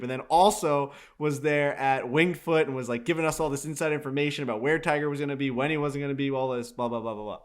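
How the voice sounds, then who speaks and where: A young man co-hosting a podcast, telling stories in casual chat, animated and swearing freely. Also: medium pitch. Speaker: podcast co-host.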